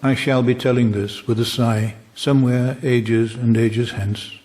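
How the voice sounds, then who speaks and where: A man reading a poem aloud as an offscreen voice, in a measured, solemn way. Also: medium pitch, fairly even intonation, a little mellow. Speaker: poetry reader. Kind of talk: poetry reading.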